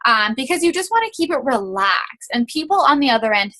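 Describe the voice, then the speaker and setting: A woman's voice: high voice, big pitch swings, fairly quick, pushed and bright. A young woman coaching her sales team in a casual, chatty way, with many fillers, acting out sample messages.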